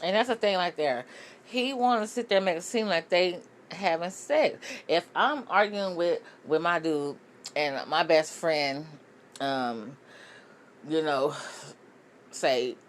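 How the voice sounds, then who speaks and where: Low-voiced woman host, blunt and profane. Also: measured pace, a little hiss or hum. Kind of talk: casual reaction commentary.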